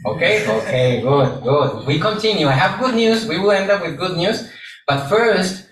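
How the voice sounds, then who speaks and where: A man, a Buddhist monk, giving a gentle sermon to a live audience and repeating phrases for emphasis. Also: sits high, animated, moderate pace. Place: large echoey hall with audience. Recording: roomy hall, distant mic, faint background hum.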